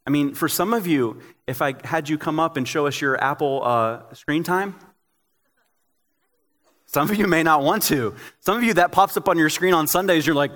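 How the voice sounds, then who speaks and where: A young man, a pastor, preaching a sermon in a relaxed, joking, storytelling way. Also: a little high, normal speed, big-room sound.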